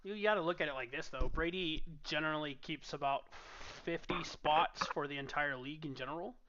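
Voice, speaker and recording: A man talking casually on a racing podcast, relaxed and self-deprecating. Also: fairly high pitch, a little fast, dull audio. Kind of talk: casual chat.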